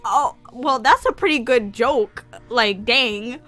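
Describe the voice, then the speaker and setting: A woman commenting on a horror game as a YouTuber, loud, excitable and slangy, yelling and joking at what happens. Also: on the high side, slow pace, soft background music. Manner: loud, excitable, slangy, laughs and yells reactions. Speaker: gaming YouTuber.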